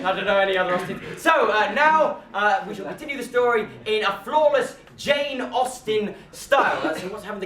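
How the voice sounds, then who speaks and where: A man's voice: high voice, a bit bright. A man hosting a live improv comedy show in a pub, announcing with playful theatrical flair to the crowd. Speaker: improv host. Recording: echoey room from far off, audience.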